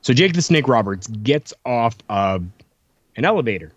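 A man's voice: mid-range voice, moderate pace, dry recording, highs cut off. A man telling stories in a casual chat, acting out the lines of people he quotes. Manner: animated storyteller, acts out quotes. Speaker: podcast guest telling stories.

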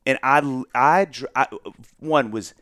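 A man's voice: medium pitch, measured pace, a bit bright, no room sound, studio quality. A man, telling a funny personal story in a casual, self-mocking chat full of restarts. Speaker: guest.

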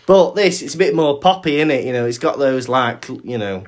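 A man's voice: mid-range voice, brisk. A man co-hosting a podcast, chatting casually and jokingly, mimicking sounds as he explains. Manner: animated, jokey, imitates sounds while explaining. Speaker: podcast co-host. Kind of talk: casual chat.

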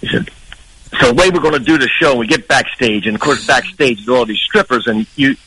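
Older man, comedian, husky voice, bright tone, animated storytelling, podcast guest. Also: medium pitch, fairly quick, rough recording. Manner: animated, acts out people in his anecdotes.

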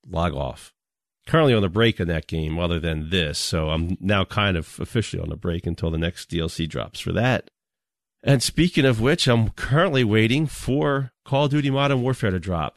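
Deep-voiced laid-back man. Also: expressive, moderate pace, no echo, clean studio sound. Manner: laid-back storyteller, chuckles often. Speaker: podcast co-host. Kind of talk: casual podcast chat.

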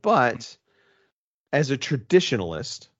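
A man's voice: medium pitch, sing-song, slow pace, fairly bright tone, lo-fi sound. A man co-hosting a casual podcast chat, rambling with many restarts and the odd swear word. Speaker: podcast co-host.

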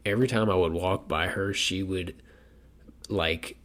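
A man's voice: low voice, a little slow, fairly bright tone. A young man chatting casually on a podcast, telling a wry, joking story. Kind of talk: casual chat.

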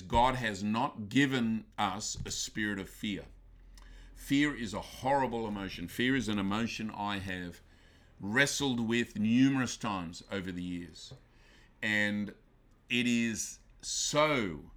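Forceful low-voiced male pastor preaching. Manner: emphatic, swinging from loud bursts to quiet, intense lines. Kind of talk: sermon.

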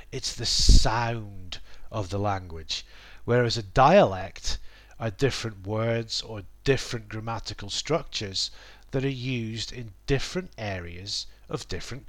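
A middle-aged man talks through a spoken lesson in his own relaxed, reflective way. He corrects himself often and wanders into small asides, filling pauses with "um." His voice sits at an ordinary middle pitch. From England. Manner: thoughtful, self-correcting, many "um"s and asides. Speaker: language podcast host.

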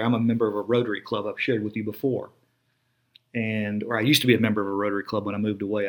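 A middle-aged man, a pastor giving sermon-style podcast teaching with an emphatic preaching cadence, slowing down on stressed words. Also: medium pitch.

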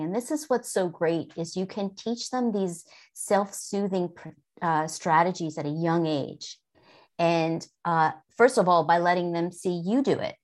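A middle-aged woman explaining mindfulness for children, calm and gently instructive, sometimes speaking soothingly as if to a child. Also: lowish voice. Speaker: guest expert on mindfulness. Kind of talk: conversational explanation.

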